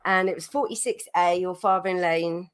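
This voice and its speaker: A woman's voice: on the low side, steady tone, moderate pace, clear, resonant tone. Woman guest getting over a cold, chatty storyteller who laughs a lot. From London, England. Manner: chatty, laughs often, many restarts. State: recovering from a cold. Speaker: podcast guest, musician. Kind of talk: casual storytelling.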